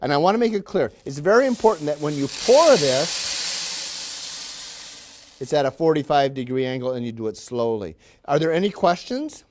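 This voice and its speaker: A man's voice: fairly high pitch, big pitch swings, normal speed, darkish tone, a little hiss or hum. Man playing a pompous, cheery factory boss. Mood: scolding. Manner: falsely cheerful, condescending and scolding. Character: pompous, patronizing male factory manager. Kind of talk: classroom role-play demonstration.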